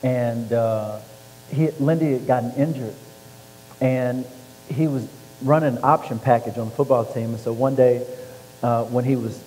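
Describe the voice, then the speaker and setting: A man recounts his life onstage and slips into the voices of the people in his stories. His tone is warm and mellow. The sound rings in a large reverberant hall over a faint hum. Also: medium pitch, normal speed. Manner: animated storyteller acting out quoted voices. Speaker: author and former football player. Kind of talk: storytelling interview.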